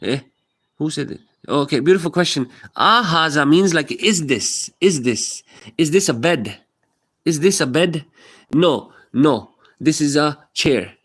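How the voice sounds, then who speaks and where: A man's voice: a little high, animated, measured pace, fairly bright tone, slightly rough. A man hosting a live stream and casually teaching basic Arabic phrases, repeating himself often and making chatty, self-deprecating asides.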